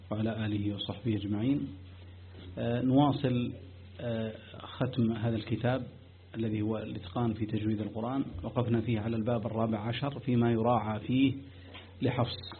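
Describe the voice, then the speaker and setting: A man teaching Quran recitation, reading from a tajweed book and adding his own explanation, with frequent filler sounds. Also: medium pitch. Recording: tinny phone-like recording with faint noise.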